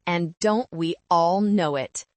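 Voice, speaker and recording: A woman's voice: mid-range voice, sing-song, a little slow, dry recording. Woman doing a sneering bride-to-be, Tiffany. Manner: sneering, condescending. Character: scornful young bride-to-be, cruel and mocking.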